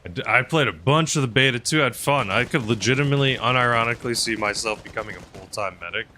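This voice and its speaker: A man streaming a game, chatting casually and rambling aloud, swinging between loud bursts and mumbled asides. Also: medium pitch, fast, slight background noise. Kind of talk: casual live-stream commentary while playing.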